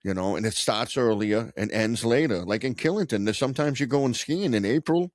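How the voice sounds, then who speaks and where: A man with a Boston accent hosting a podcast, telling stories in a loose, profane, animated way. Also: mid-range voice, a little fast, no echo, studio quality. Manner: animated, swearing storyteller. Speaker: podcast host. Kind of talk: casual profane chat.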